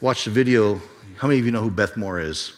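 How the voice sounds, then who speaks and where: A man's voice: on the low side, fast. A male pastor telling a story in a sermon, conversational and full of restarts. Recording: long reverb of a large hall.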